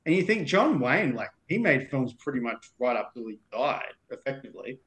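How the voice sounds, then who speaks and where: An Australian man appears as a podcast guest in a casual film discussion, rambling and leaning heavily on "like". His medium-pitched voice has big pitch swings and a fairly bright tone. He speaks at a moderate pace.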